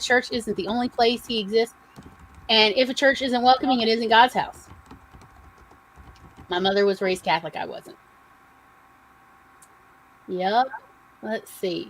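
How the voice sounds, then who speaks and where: A woman's voice: medium pitch, a little hiss or hum, rough recording. A woman with a Southern American accent, co-hosting a livestream and chatting casually as she reads out audience comments with her own asides. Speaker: podcast co-host.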